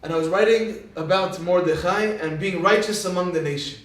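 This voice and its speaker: A man with a high voice teaching a Torah lesson, heard from a distance in a very echoey room. He tells stories with energy and briefly acts out the people in them. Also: normal speed. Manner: animated storyteller who acts out quoted speech. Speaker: rabbi. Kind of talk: Torah lecture. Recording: echoey hall, speaker far from mic.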